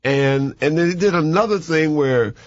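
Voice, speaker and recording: A man chatting casually as a movie reviewer, rambling and animated, with many restarts and fillers. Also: a little high, normal speed, no room sound, highs cut off. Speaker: movie reviewer on a talk show. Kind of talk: casual chat.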